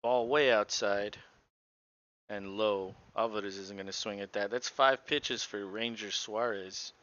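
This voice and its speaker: A man's voice: fairly low pitch, steady tone, measured pace, pushed and bright, dry recording, dull audio. Laid-back man calling the game. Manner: laid-back, sarcastic asides. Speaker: podcast co-host. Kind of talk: casual play-by-play commentary.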